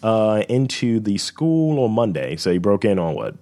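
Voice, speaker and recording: A man's voice: on the low side, very animated, normal speed, dark tone. A man co-hosting a casual comedy podcast, joking crudely and reading news stories with plenty of fillers. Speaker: podcast co-host.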